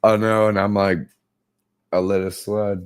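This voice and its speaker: A man co-hosting a podcast, telling stories in a casual, profane, animated way and acting out quotes. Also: fairly low pitch, a little slow, clean tone, no room sound, clean studio sound. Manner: profane, animated storyteller who acts out quotes. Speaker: podcast co-host. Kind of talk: casual chat.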